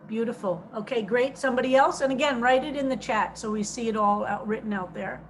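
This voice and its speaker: A woman with a high, light voice leads a text study as a rabbi over a video call. She reads each translated phrase slowly and stresses it, then explains it in an easy teaching tone. A faint hiss sits under the call audio.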